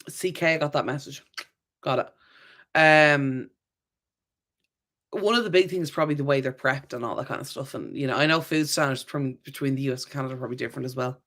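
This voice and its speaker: A channel host runs a live-stream Q&A in a bass voice with a slightly bright edge. She chats and rambles, reads viewer comments out loud, laughs a lot, and fills her speech with fillers and mid-sentence self-corrections.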